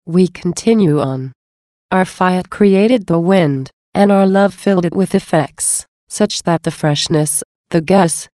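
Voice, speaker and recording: A woman voicing Jesus as a gentle, loving divine speaker, in a slow, measured devotional reading. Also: fairly low pitch, no echo, studio quality, natural voice.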